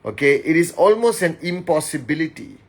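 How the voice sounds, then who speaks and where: Male live-stream host, energetic and direct, slightly high voice, casual motivational delivery. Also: slightly rough. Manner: energetic, reads names quickly, speaks directly to the audience. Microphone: phone.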